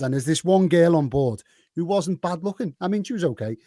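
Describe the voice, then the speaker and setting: A man with a Liverpool accent spins a rowdy story in a casual podcast chat, voice sitting a touch high for a man. He swears freely, laughs through his lines and acts out what others said. The sound is dry and close. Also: lively intonation, brisk, darkish tone, dry recording. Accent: Liverpool English. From Liverpool, England.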